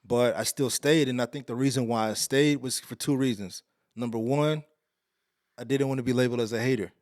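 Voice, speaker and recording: Guy from texas telling a wild story on a podcast, slangy and worked up, mid pitch, dry room. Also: fairly quick, dry recording. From Alief, Houston, Texas. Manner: animated, slangy, getting louder and higher as the story builds. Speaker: podcast guest. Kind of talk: casual storytelling.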